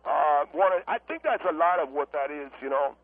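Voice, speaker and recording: A man's voice: a little high, expressive, normal speed, no echo. A man talking by phone on a radio show, blunt and rambling with many fillers. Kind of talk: casual talk radio chat. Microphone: telephone. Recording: tinny phone line.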